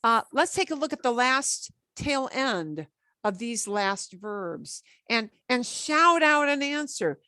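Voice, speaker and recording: A woman teaching a beginner Spanish class, chatty and encouraging, slowing down to drill words. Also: fairly high pitch, sing-song, pushed and bright, no room sound, clean studio sound.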